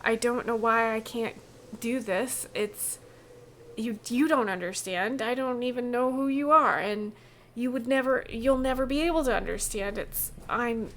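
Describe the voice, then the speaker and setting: A woman voicing a guilt-ridden gray female figure inside someone's mind, speaking in anxious, halting bursts. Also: on the high side, fairly bright tone, a little hiss or hum, pitched above the performer's own voice. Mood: guilty.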